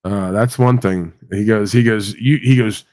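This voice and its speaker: A man's voice: lowish voice, steady tone, moderate pace, darkish tone, dry recording. A man hosting a livestream, ranting casually with blunt, sweary sarcasm. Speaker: livestream host.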